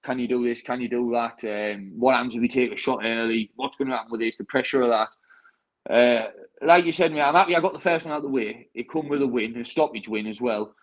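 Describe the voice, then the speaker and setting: A man's voice: medium pitch, fast talker, low-quality recording. A young British man, a bare-knuckle fighter, chatting after a fight with lots of restarts and "mate" in every sentence. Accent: British English. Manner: chatty, says "mate" constantly, rambling restarts. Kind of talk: post-fight interview chat.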